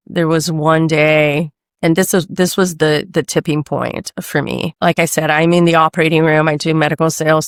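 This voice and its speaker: A woman in her forties from Brazil, telling her story in a casual interview in an animated way, with many restarts and acted-out quotes. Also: sits low, creaky, no room sound, studio quality. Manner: animated, restarts often, acts out quoted voices. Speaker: guest, medical sales rep and mother.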